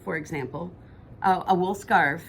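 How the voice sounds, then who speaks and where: A woman's voice: fairly low pitch, moderate pace, a bit bright, a little hiss or hum. A woman, co-hosting a podcast in casual chat that rambles and corrects itself as she goes. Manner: chatty, rambling, self-correcting. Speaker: podcast co-host.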